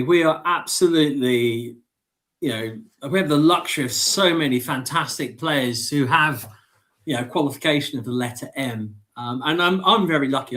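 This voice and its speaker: A man's voice: mid-range voice, fairly bright tone. A man, fondly reminiscing about football in casual podcast chat, using many fillers. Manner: enthusiastic, reminiscing, frequent "you know" fillers. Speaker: podcast co-host.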